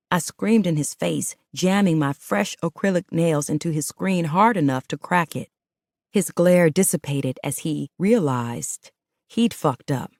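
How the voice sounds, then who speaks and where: An audiobook narrator with a notably low, deep female voice reads a first-person story in an intimate, emotional, animated way at a measured pace. The recording is dry and close, with no echo or room sound.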